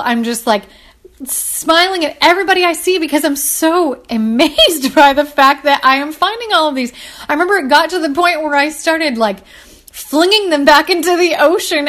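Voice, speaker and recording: Woman sharing a faith testimony, chatty and animated, slightly high voice. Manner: animated, voice rising high when excited; frequent "like" and "you guys". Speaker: Christian speaker telling a personal story. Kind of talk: casual storytelling testimony.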